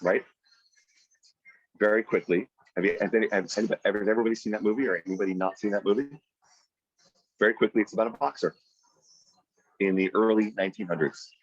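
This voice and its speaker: A low-voiced man with a husky edge leads a team meeting over a video call. He tells stories and pushes his point hard, jumping up to loud, high peaks. The sound is dry and dull, like lo-fi call audio. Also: fairly even intonation, fast talker, pauses often, no room sound. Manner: storytelling, emphatic, rising to loud high peaks. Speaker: team leader running a weekly sales meeting. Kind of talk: motivational talk on a video call. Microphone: video call microphone.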